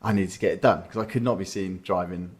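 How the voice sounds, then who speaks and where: A man with a slightly low voice, chatting casually as a podcast co-host. He tells stories loosely, swears freely, and acts out bits of quoted talk. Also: fairly even intonation, fast, darkish tone, slightly rough. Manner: swearing, storytelling with acted quotes. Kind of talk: casual chat.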